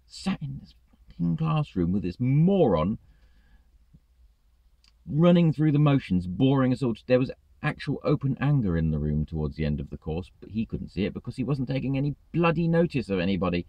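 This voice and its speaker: A man's voice: medium pitch, very animated, a little fast, dry recording, muffled recording. A man, a truck driver, ranting in a vlog, exasperated and swearing freely.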